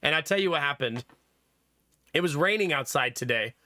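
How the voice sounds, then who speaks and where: Young man, high voice, bright, animated storyteller, laughs a lot, dry close mic. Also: normal speed, no room sound. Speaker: streamer and father. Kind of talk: casual chat with stream viewers.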